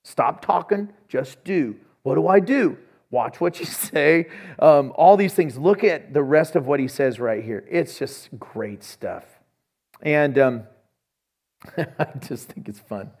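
A man's voice: a little high, takes it slowly, a little mellow. A man preaching a sermon as pastor, telling stories and acting out conversations. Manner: storytelling, acts out conversations.

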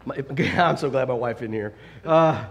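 A man's voice: medium pitch, unhurried. A middle-aged man preaching a sermon as a pastor, telling self-deprecating stories with lots of restarts. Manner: animated, self-deprecating storytelling with frequent restarts.

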